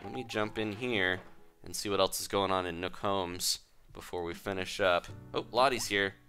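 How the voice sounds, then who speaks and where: A man giving casual, playful commentary over a life-sim game, with soft game music behind. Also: low-pitched, normal speed. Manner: playful, reads game dialogue aloud. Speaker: gaming video host.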